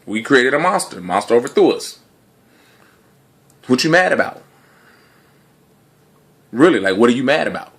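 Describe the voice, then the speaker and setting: A man delivering a casual, argumentative monologue to the camera in slangy speech, full of rhetorical questions, dropping low and quiet, then rising loud and high. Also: big pitch swings, normal speed, pauses often. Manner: laughs between points. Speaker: video blogger.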